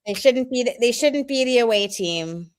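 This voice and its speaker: A woman's voice: a little high, lively intonation, normal speed, heavy background noise. A woman co-hosting a casual chat, throwing in quizzical, teasing asides. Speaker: co-host.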